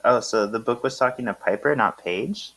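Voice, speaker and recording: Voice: medium pitch, animated, moderate pace, fairly bright tone. A podcast co-host in casual chat, reading comic dialogue aloud with playful voices. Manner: reads character lines with playful voices.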